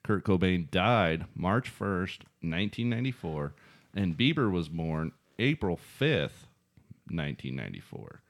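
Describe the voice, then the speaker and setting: A man's voice: sits low, very animated, measured pace. A man co-hosting a casual chat, reading listener posts and making dry wisecracks. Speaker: podcast co-host.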